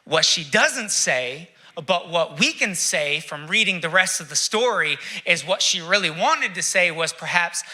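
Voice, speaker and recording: A male pastor preaches with a high, sharp-edged voice. He asks rhetorical questions and leaves dramatic pauses between his reflective phrases. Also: lively intonation. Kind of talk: sermon.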